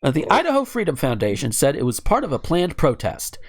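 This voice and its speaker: A man's voice: a little high, huge pitch swings, brisk, a little hiss or hum. A man hosts a casual podcast, reading news stories and breaking into sarcastic, profane asides. His voice swings widely up and down as he talks. He sounds chatty and a bit ranty. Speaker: podcast host.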